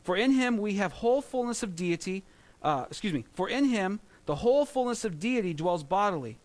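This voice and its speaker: A man in his thirties preaching a sermon, telling animated stories with jokes and mimicry. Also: high voice, brisk. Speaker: pastor.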